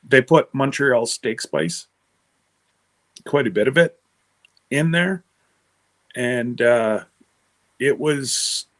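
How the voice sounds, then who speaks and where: Male livestream host from Canada; unhurried, rambling chat with viewers, mid-range voice. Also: mid-range voice. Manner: rambling, answers live chat comments aloud.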